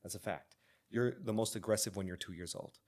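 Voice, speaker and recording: A man's voice: fairly low pitch, fairly quick, a little mellow. A man hosting a podcast, talking earnestly in a casual interview, often restarting and repeating words. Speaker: podcast host.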